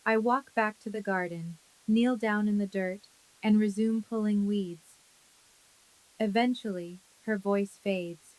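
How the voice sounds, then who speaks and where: A woman reading a scripted first-person story in a calm, measured way. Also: mid-range voice, no echo, poor audio. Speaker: narrator.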